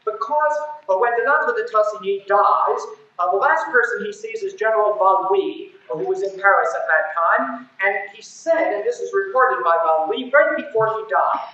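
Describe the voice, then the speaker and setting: A man's voice: high-pitched, expressive, moderate pace, pushed and bright. A man giving a university history lecture, telling the story with emphasis and wry, ironic asides. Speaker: history professor. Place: large lecture hall. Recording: echoey lo-fi 1970s lecture tape.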